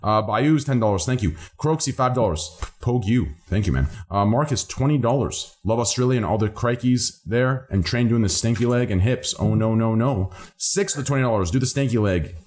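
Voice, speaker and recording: A man hosting a livestream, casually reading out donation names and amounts with quick thanks. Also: medium pitch, animated, darkish tone. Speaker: livestream host.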